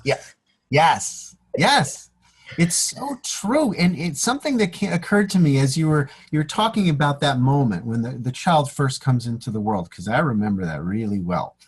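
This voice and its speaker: Husky reflective man. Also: medium pitch, expressive, normal speed. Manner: reflective, affirming, thoughtful. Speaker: co-host. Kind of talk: casual chat.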